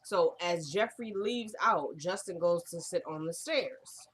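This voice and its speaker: A woman chatting casually through a recap of a TV episode, retelling the scenes line by line with lively, laughing asides. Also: on the low side, measured pace, slightly rough.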